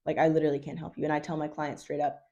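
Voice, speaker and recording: A woman's voice: sits low, little pitch movement, racing, dark tone, highs cut off. A woman health coach giving blunt, chatty advice in a casual vlog, swearing freely and saying "like" all the time. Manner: blunt, chatty, swears, says 'like' constantly.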